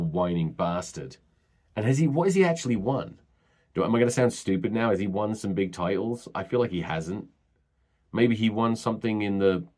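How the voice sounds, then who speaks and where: A man hosting a solo podcast, rambling and swearing bluntly as he rants. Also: fairly low pitch. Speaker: podcast host.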